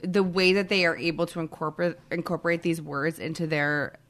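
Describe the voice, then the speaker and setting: A woman's voice: low voice, steady tone, brisk, a bit bright. A woman in her thirties co-hosting a casual podcast, joking, swearing freely and laughing often. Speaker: podcast co-host. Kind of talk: casual chat.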